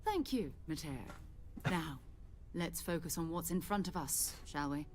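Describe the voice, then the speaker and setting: A woman's voice: fairly low pitch, expressive, unhurried, a little hiss or hum. An actress voicing a composed, firm woman leading an explorer group in a video game. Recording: game audio over faint music.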